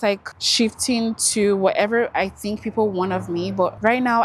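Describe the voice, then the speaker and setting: Young woman, earnest, casual reflective vlog talk, mid pitch, self-encouraging. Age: young adult. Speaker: vlogger.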